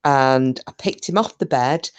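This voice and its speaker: A woman's voice: a bass voice, a little slow, smooth, dull audio. A woman chatting casually on a live stream, rambling through stories, answering comments and swearing mildly.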